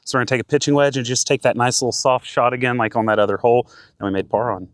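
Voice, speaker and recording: A man in his thirties giving casual play-by-play of his own golf round outdoors, getting excited and talking to himself between shots. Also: mid-range voice, rapid-fire, no echo. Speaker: golf vlogger.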